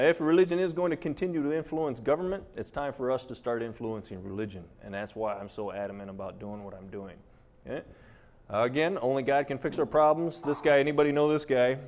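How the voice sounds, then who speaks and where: A man giving a live presentation to an audience, animated and sarcastic, saying he gets fired up and charged up. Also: mid-range voice.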